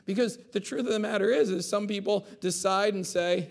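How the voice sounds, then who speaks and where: Gravelly-voiced man preaching casually. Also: high-pitched, brisk, darkish tone. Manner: conversational preaching, acts out quotes with asides like "okay?". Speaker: pastor. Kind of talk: sermon.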